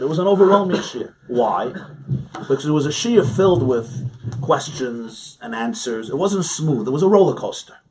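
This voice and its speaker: Male rabbi, mid pitch, teaching a class in a study hall; conversational, poses rhetorical questions, laughs lightly. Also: mellow. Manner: conversational, asks rhetorical questions, chuckles often. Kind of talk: informal study-hall lecture.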